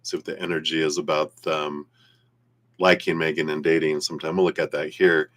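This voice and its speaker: A man's voice: rumbling low, level tone, brisk, fairly bright tone. A man giving a casual live-stream tarot reading, rambling and laughing easily. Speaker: tarot reader.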